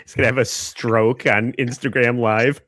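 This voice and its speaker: A man co-hosting a podcast, cracking quick jokes and chuckling in casual banter. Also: medium pitch, little pitch movement, a bit bright, dry recording. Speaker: podcast co-host.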